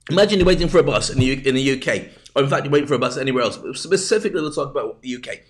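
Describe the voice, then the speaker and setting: A man's voice: mid-range voice, very fast. A man hosting a rambling, jokey comic monologue full of digressions. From north of England. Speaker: host and speaking coach.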